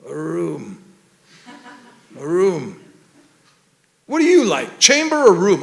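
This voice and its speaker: A man giving an animated, rambling talk about poetry, laughing often as he goes. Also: high-pitched, slow pace, creaky, roomy sound.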